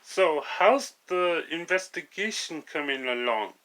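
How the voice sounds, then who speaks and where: A man's voice: on the high side, expressive, measured pace, pushed and bright. A man voicing a sulky friend who grumbles about what is on TV. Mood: grumpy. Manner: bored, grumbling.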